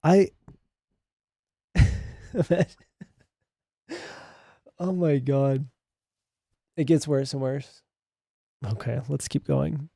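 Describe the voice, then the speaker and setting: A man's voice: medium pitch, drawn-out words, vocal fry, long pauses, dark tone, dry recording, clean studio sound. A man streamer reading online posts aloud and reacting with sarcastic remarks, frequent laughter and swearing.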